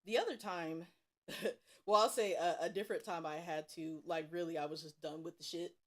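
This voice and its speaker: A young woman streamer from Cincinnati, USA, with a lowish voice, tells stories at normal speed while drawing. Her casual, animated storytelling is profane and broken up by bursts of laughter.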